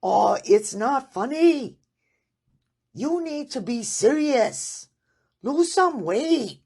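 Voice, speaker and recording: A woman's voice: sits high, lively intonation, extremely slow, darkish tone, breathy edge, voice pushed up, full character voice. A woman voicing an exasperated older woman doctor with a Hong Kong accent, blunt and scolding.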